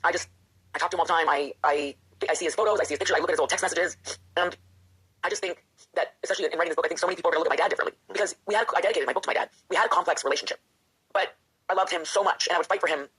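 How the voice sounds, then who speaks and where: Fast, husky-voiced woman wrestler talking candidly. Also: fairly low pitch, fairly bright tone. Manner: emotional, candid, acts out her own inner voice. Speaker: professional wrestler and author, guest. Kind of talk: candid interview talk.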